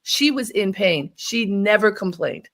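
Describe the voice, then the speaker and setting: Woman radio host, a bit of vocal fry, talks slow and reflective. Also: mid-range voice, lively intonation. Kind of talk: radio interview.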